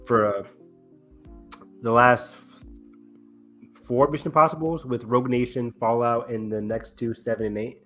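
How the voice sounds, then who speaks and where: Over soft background music, a man with a steady, fairly bright, medium-pitched voice co-hosts a podcast. His casual film-news chat rambles along haltingly, peppered with ums and restarts.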